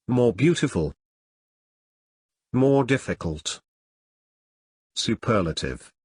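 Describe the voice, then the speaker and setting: Brief: male textbook reader, deliberate lesson read-through, lively pitch, dry close sound. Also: husky, no echo. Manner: slow, deliberate, word-by-word. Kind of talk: reading a school lesson aloud.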